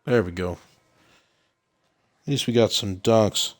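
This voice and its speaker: A man with a deep, low voice talks through his game on a live stream. He rambles along in a relaxed way, filling gaps with ums and uhs. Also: slow pace. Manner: relaxed, rambling, with many fillers. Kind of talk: casual gameplay commentary.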